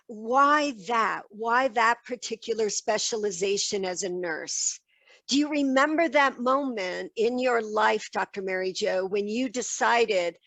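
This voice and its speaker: A woman's voice: on the high side, fairly bright tone, dry recording. A woman hosting an interview, asking eager, probing questions. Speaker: host. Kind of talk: conversational interview.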